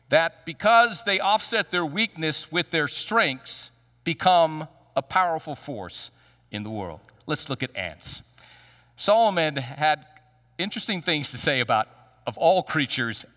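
A pastor preaching to his congregation in a bright, forceful voice that swoops up and down with emphatic pauses. His voice is fairly high for a man and rings with a long reverb through a large church sanctuary. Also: sing-song. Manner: emphatic, with dramatic pauses and sweeping pitch. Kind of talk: sermon.

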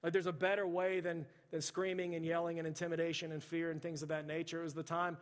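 A man's voice: a little high, completely flat delivery, fast. A man, preaching a sermon in a chatty storytelling way, with lots of restarts. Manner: conversational storytelling with frequent restarts and "like". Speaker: pastor. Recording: reverberant church hall.

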